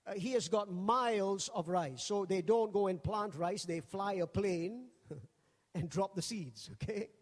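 A high-pitched man preaching from the pulpit, telling funny stories with lively energy. His voice rings out with a long hall reverb around it. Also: a little slow. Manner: jokey, animated, acts out quoted voices. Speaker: pastor. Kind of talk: humorous storytelling sermon.

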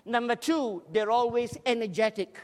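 A man preaching a lively, humorous sermon in a large church hall, joking with the congregation and urging them to respond. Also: very high voice, normal speed. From Scotland. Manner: energetic, jokey, urges the crowd to respond. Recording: long hall reverb in a church.

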